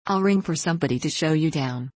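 A woman's voice: low-pitched, quick pace, a little mellow, no echo. A woman reading the part of a talkative, proud elderly male vicar in a rambling, self-amused way. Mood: genial.

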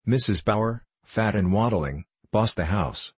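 A man reading the lines of a tired, pregnant miner's wife in an audiobook, speaking quietly and plainly. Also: lowish voice, lively intonation, unhurried, husky, no room sound.

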